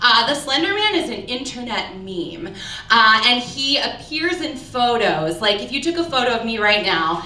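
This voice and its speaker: Woman in her 30s, stand-up comic, high bright voice with big swoops, roomy club sound from a distance. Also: sing-song, normal speed, a little hiss or hum. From Southern US. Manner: chatty, self-deprecating, laughs at her own lines. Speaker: stand-up comedian. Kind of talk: stand-up set. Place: small comedy club before a live audience. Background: audience laughter.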